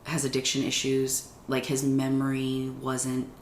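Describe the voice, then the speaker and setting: Podcast guest, woman, very deep voice, animated storyteller; echoey room with faint noise. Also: unhurried. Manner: animated, acts out quoted dialogue. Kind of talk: personal storytelling in conversation. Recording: roomy echo with faint background noise.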